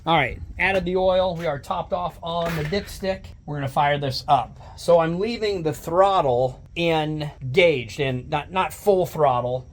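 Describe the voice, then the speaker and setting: A man's voice: fairly high pitch, unhurried, few pauses, a little hiss or hum. A man, a farmer vlogging casually and upbeat while he works outdoors. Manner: upbeat, talks while working. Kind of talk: casual farm vlog narration. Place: outdoors on a farm.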